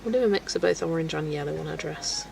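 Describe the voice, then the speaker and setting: A woman's voice: sits low, fast, gravelly, a little mellow, faint music behind, low-quality recording. A woman chatting casually on a live stream as she colours, thinking aloud, giggling often, and talking into a webcam mic.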